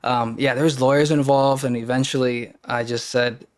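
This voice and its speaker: Man, podcast guest, casual storytelling, earnest, emotional, mid-range pitch. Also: fairly even intonation, normal speed.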